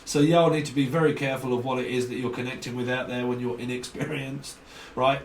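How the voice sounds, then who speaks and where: A man's voice: medium pitch, fairly even intonation, fast. A man giving a rambling, jokey tarot reading. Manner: jokey, rambling, breaks into song and silly voices. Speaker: tarot reader. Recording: roomy, distant mic, faint hiss.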